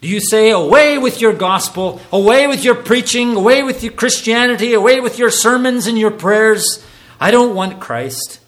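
A man preaching an evangelistic sermon at a church service, swinging between soft pleading and loud exhortation. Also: very high voice, normal speed.

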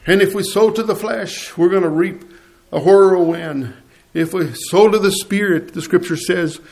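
A man preaching a sermon, telling a story earnestly and clearing his throat now and then. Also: high voice.

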